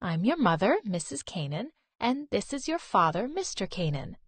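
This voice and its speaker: A woman voicing a wealthy older woman who calmly insists she is the mother, with a cheerful, insistent manner. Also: mid-range voice, normal speed, slightly rough, no echo. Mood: soothing.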